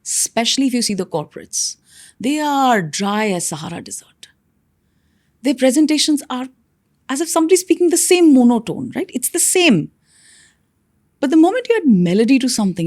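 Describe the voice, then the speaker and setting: A young woman explains how to speak as a guest coach. She keeps pushing her pitch up and down to act out examples. Her tone is patient and instructive. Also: sing-song, normal speed, dark tone, no echo, clean studio sound. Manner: demonstrative, swings pitch up and down to show examples. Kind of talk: instructive interview answers.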